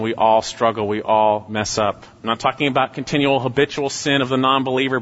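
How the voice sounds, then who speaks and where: A male pastor preaching a sermon with emphasis, swinging between raised exhortation and low, quiet asides. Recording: dull lo-fi sound with long hall reverb.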